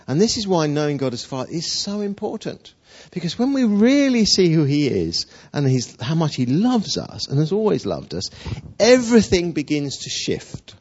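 A man preaching a sermon, his pitch rising and falling in lively swings. He tells stories with playful jokes and drawn-out pauses, his voice husky. The recording sounds dull and lo-fi. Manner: warm storytelling, playful jokes, dramatic pauses.

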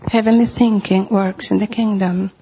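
A woman preaching a sermon in a slow, deliberate way, repeating her phrases. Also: medium pitch, steady tone, dark tone, slight background noise. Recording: dull lo-fi recording.

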